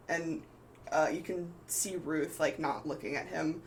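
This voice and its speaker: A man's voice: fairly high pitch, steady tone, normal speed, low-quality recording. Male game master, casual rambling narration, faint background noise. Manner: loose, filler-heavy narration.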